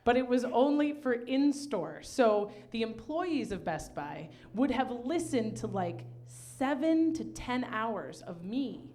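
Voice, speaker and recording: Higher-voiced woman hosting a chatty interview. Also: big pitch swings, slow pace, few pauses, darkish tone. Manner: chatty, enthusiastic, acts out quotes. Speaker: host. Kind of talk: casual interview chat. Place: outdoor live show at an RV park.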